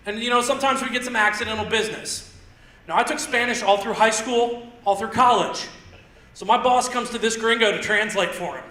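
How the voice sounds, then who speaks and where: This young Indiana man's stand-up set, delivered in a high voice at a slightly fast pace, rambles through stories that include mimicked stutters. He punches lines with sudden shouts into a handheld stage mic, and the theater, full of a live audience, sounds roomy.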